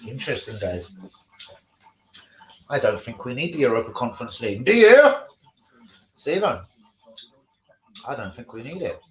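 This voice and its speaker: A man hosting a casual live stream, sweary and excitable, talking to his chat about football. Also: medium pitch, moderate pace, pauses often, roomy sound, rough recording.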